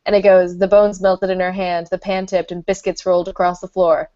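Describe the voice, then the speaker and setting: A woman's voice: on the low side, little pitch movement, brisk, warm tone, no room sound. A young woman co-hosting a book club chat who laughs often and swears freely while reading passages aloud. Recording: dull lo-fi webcam audio.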